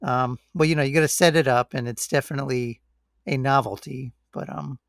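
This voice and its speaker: A man co-hosting a podcast in casual chat, relaxed and rambling. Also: medium pitch, fairly quick, vocal fry, dry recording, clean studio sound. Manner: relaxed, rambling, says "like" and "you know" a lot. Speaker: podcast co-host.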